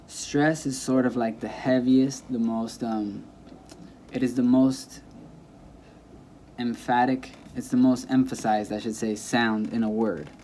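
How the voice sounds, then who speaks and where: A man's voice: medium pitch, fairly even intonation, slow, warm tone, a little hiss or hum. A young man teaching a casual lesson, repeating example words with shifted stress and correcting himself as he goes, recorded on a camera mic without a clip mic. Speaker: Spanish teacher.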